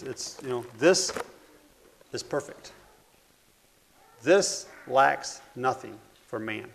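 A man preaching a sermon, earnest and repetitive, swinging between loud declarations and hushed phrases. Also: medium pitch, vocal fry.

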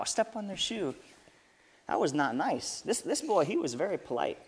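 A man's voice: sits high, fast talker, slight background noise. A man reading a story aloud to children, stopping often to ask them questions. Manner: lively, asks the kids questions.

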